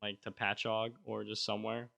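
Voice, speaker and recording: A man's voice: on the low side, completely flat delivery, fairly quick, creaky, pushed and bright. A man in his twenties co-hosting a podcast, chiming in with jokes and laughing along. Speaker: podcast co-host. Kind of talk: casual chat.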